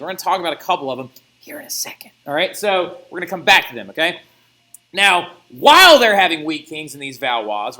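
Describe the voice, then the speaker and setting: Bright, high-voiced chatty male teacher. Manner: chatty, animated, jokey asides. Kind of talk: recorded classroom lecture.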